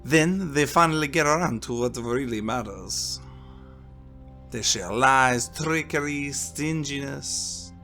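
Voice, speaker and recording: Man doing a gentle French priest. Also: takes it slowly, creaky, soft background music, exaggerated voice. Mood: musing. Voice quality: warm and deep, soft-spoken. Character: priest, calm middle-aged man, gentle talker.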